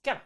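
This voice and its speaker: A man hosting a casual live-stream Q&A, reading chat messages aloud and answering with playful jokes and frequent laughs. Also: pushed and bright.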